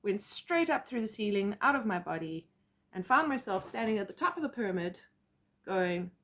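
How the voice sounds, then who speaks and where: A woman with a South African accent telling personal stories as a psychic medium, animated and acting out quotes. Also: mid-range voice, normal speed. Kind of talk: casual storytelling vlog.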